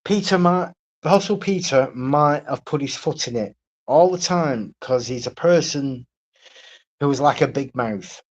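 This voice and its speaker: A man's voice: medium pitch, unhurried. A man ranting on his own live stream, blunt and profane, repeating himself and asking "right?" again and again. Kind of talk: solo livestream rant.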